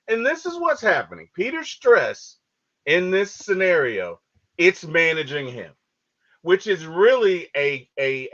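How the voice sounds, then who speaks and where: A man co-hosting a podcast, chatting casually about a movie and telling stories with lively acted-out quotes. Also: on the high side. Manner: animated storytelling, acts out quotes. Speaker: podcast co-host. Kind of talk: casual movie review chat. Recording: dull lo-fi audio.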